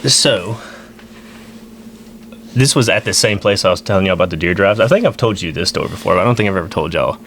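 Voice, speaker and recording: A man telling a long hunting story on a podcast in a rambling, animated way, full of "like" and "you know.". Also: sits low, fast, long pauses, a little hiss or hum. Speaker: guest.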